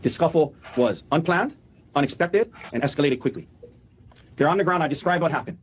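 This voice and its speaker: A man, a defense attorney, delivering an animated opening statement to a jury and acting out quotes as he goes. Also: a little high, slightly rough, poor audio. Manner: fast, animated, acts out quotes.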